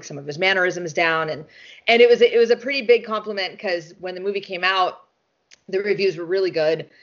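Woman chatting loose in an interview, swears a bunch, laughs lots, kinda dull muffled sound. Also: fairly low pitch. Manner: animated, swears freely, laughs often. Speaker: interview guest. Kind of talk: casual interview chat.

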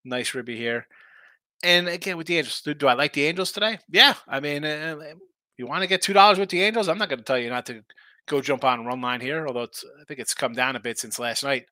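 A man's voice: a little high, fast, pushed and bright, no echo. A man hosting a sports betting show, talking casually and rambling through opinionated takes full of rhetorical questions.

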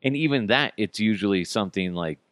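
A low-voiced man rants through his own podcast, swinging widely up and down with sarcastic, profane jabs. He sits close to a dry mic, with no room sound around him. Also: animated, a little fast, no room sound. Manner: profane, sarcastic, sudden yelled outbursts. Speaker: podcast host. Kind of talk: casual comedic rant.

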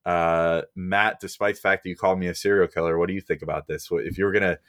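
Man, podcast host, lowish voice, dry close sound, rambling casual chat. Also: fairly even intonation, fast, fairly bright tone, no echo. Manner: rambling, self-deprecating, laughs easily.

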